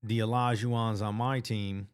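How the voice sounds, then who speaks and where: Man, low voice, smooth clear tone, earnest casual vlog, slangy, restarts sentences. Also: flat delivery, moderate pace. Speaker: vlogger sharing weight-loss progress. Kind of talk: casual motivational monologue.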